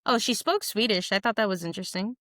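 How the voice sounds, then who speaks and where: A young woman co-hosting a podcast in casual chat, animated and jokey, acting out quotes. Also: mid-range voice, fast talker, no room sound, studio quality. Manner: animated, jokey, calls co-host "friend", acts out quotes. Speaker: podcast co-host.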